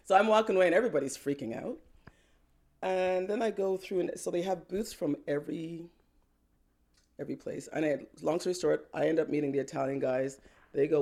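Animated woman singer telling stories. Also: low-pitched. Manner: lively, laughs often, acts out quotes. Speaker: singer-songwriter guest. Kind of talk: animated personal storytelling.

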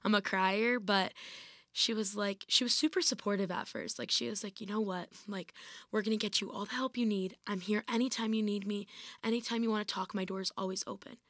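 A woman's voice: medium pitch, steady tone, fairly quick, fairly bright tone, dry recording, studio quality. A young woman, a former college athlete, telling her personal story in an interview in a casual way, with lots of "like" and restarts. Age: young adult. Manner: casual, heavy use of "like", many restarts.

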